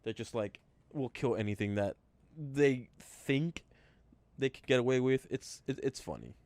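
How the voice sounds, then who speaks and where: A man's voice: medium pitch, darkish tone, no room sound. Rambling man on a podcast. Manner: rambling, halting, many fillers and restarts. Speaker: podcast co-host. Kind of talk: casual chat.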